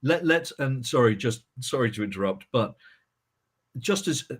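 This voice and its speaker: A man's voice: mid-range voice, lively intonation, normal speed, husky. Male co-host, chatty. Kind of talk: casual live-stream chat.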